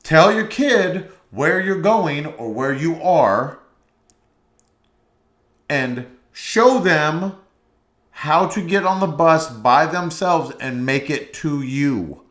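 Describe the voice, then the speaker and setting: A man in a comedic podcast rant, blunt and heavily profane, dragging his words out slowly. His voice sits fairly high for a man and bounces through hesitant ums. The room around him is echoey. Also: lively intonation, a bit bright. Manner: profane, blunt, mock-advice; drawn-out hesitant fillers. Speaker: podcast host. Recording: roomy echo.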